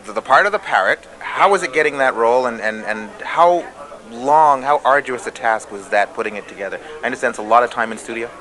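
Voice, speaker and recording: Man conducting a radio interview, bright tense voice, halting delivery. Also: medium pitch, animated, poor audio. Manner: stumbling repeated starts.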